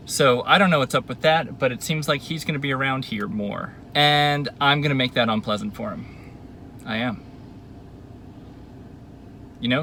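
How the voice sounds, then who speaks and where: A man's voice: mid-range voice, brisk, heavy background noise. A man recording a confessional video diary, rambling and bitter, swearing heavily as he vents.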